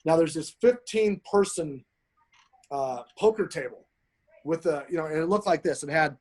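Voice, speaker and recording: A man guesting on a podcast, telling stories in a casual chat, swearing constantly and talking with excited emphasis. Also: on the high side, normal speed.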